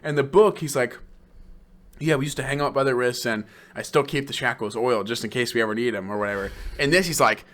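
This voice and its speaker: A young man talks through a film review with a bright, forceful tone. He swears freely and gets loud and excited as he acts out scenes. His delivery is loose, rambling and casual. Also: medium pitch, fast. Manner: excitable, profane, laughs while retelling scenes. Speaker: podcast co-host.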